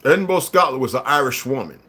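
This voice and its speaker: In a quick, lively-toned rant, a man streaming live argues combatively with his viewers. Low mutters give way to emphatic shouting, and he laughs occasionally and repeats himself.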